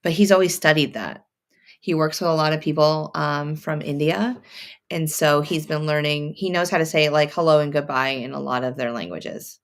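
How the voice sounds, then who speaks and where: Woman, low voice, gravelly edge, chatty sewing live-stream host, reads viewer comments aloud. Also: fairly even intonation, normal speed. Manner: thinks out loud, many fillers and restarts. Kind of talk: casual live-stream chat.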